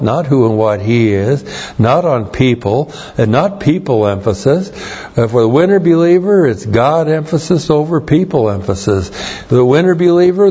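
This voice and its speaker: A middle-aged man preaching a sermon, teaching slowly and with heavy emphasis, his voice a little strained. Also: mid-range voice, mellow, slightly rough, lo-fi sound. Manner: slow, emphatic Bible teaching with repeated stresses. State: strained voice, coughing. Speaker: pastor.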